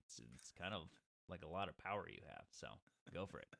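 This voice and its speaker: A man co-hosting a comedic podcast, reading listener comments aloud in a sardonic, deadpan way. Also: low voice, fast talker, vocal fry, dry recording, studio quality. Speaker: podcast co-host.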